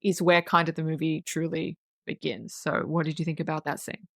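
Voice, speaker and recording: A woman's voice: low voice, flat delivery, a little fast, vocal fry, dry recording, clean studio sound. A woman co-hosting a podcast, retelling a film's plot in casual chat, blunt and swearing. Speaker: podcast co-host.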